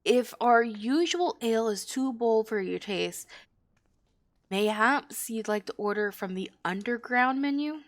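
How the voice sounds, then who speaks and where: A woman's voice: on the high side, expressive, unhurried, no room sound, studio quality. A woman reading a teasing tavern keeper.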